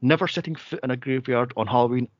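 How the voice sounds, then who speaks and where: A Scottish man, a podcast co-host, telling a spooky story in casual chat, animated and swearing freely. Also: mid-range voice, fast talker, no echo, dull audio. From Scotland.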